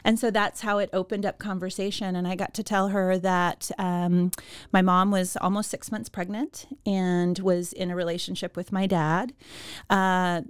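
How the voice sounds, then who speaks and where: A woman's voice: lowish voice, normal speed, smooth, no room sound. Earnest woman telling her life story. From Oregon. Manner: earnest, emotional, animated storytelling. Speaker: executive director of a pregnancy center. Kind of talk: personal storytelling in an interview.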